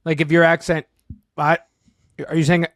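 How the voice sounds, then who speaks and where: A man's voice: a little high, completely flat delivery, moderate pace, fairly bright tone, dry recording. Laughing podcast co-host man, dry mic. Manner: reactive, laughing, thinks aloud with restarts. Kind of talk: casual comedy podcast chat.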